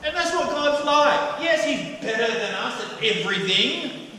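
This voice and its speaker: An Australian man preaching a lively, jokey sermon in a church hall. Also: very high voice, unhurried. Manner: animated, jokey, acts out the master's lines. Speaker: pastor. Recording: echoey hall, mic from a distance, faint room hum.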